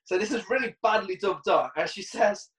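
A woman's voice: medium pitch, moderate pace. A woman co-hosting a casual podcast, retelling a film's plot with sarcasm and frequent laughter. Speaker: podcast co-host. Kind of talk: casual film recap chat. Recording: echoey room, distant from mic.

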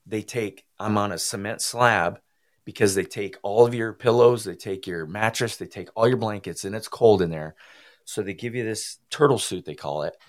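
A man as an interview guest, telling his personal recovery testimony in an earnest, emotional, halting way. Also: fairly low pitch.

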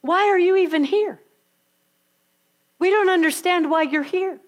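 Bewildered angels at an empty tomb, as a woman preacher acts them out, questioning loudly with a voice pitched well above her own. The delivery is slow, stretched and insistent. It all sits inside a sermon retelling. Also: very animated, heavily acted. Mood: incredulous. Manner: incredulous, emphatic questioning.

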